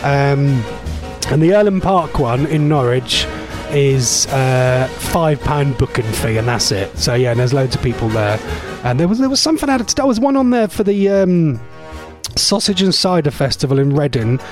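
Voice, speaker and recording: A man presenting a casual radio show, rambling and chatty, his voice going a bit hoarse. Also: mid-range voice, animated, normal speed, music in the background. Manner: rambling, chatty, laughs often.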